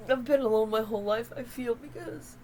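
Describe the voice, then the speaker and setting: A woman's voice: a little high, a little fast, darkish tone, slight background noise, low-quality recording. A woman in her fifties, tearful, talking in a raw, emotional, confessional vlog and swearing freely. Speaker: spiritual channeler and vlogger.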